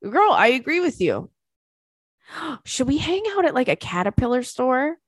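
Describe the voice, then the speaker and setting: A woman's voice: high-pitched, big pitch swings, unhurried, dry recording. Chatty, dry-miked woman podcaster. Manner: candid, chatty oversharing with frequent laughter and swearing. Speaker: podcast host. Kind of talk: casual chat.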